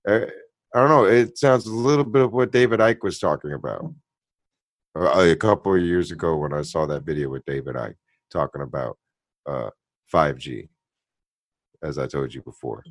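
A man's voice: extremely low pitch, normal speed, long pauses, dry recording. A man co-hosting a casual chat, reacting to a video in a ranting, profane way. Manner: ranting, profane, rising to loud outbursts.

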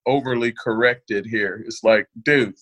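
A man with an American accent who talks in a relaxed, rambling way. He tells jokes and stories, with many restarts and repeated words, at a medium pitch. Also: moderate pace. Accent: American English. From United States. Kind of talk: casual chat.

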